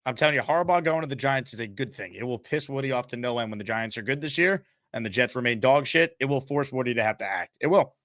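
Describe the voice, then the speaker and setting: A man's voice: medium pitch, expressive, fast talker, few pauses, a bit bright, dry recording, clean studio sound. A man hosting a call-in sports talk show, talking in a sarcastic, exasperated ranting way.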